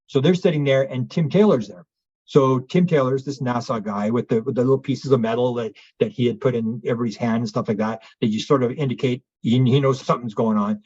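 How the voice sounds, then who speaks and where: A man, a guest telling a rambling story fast, acting out the other speakers and restarting often. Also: medium pitch, steady tone, darkish tone, breathy edge, no echo. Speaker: guest, UFO researcher. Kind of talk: animated anecdotal storytelling. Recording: dull lo-fi audio.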